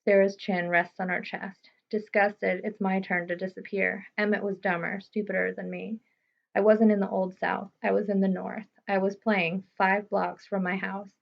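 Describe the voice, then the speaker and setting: A woman reading a first-person novel aloud in a steady, understated way. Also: mid-range voice, moderate pace, vocal fry. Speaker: audiobook reader. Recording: slightly muffled recording.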